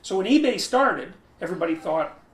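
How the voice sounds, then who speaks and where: A man's voice: high voice, lively intonation, fairly quick. A man lecturing who often restarts his phrases, thinks aloud and stresses key words. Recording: roomy echo.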